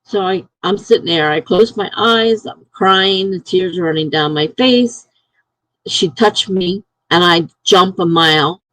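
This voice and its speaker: Middle-aged woman chatting on her live stream, slow unhurried talk, dry close sound, tells stories and plays out what folks said. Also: lowish voice, fairly bright tone, no room sound, poor audio. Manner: storytelling, acting out what others said. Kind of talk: casual chat.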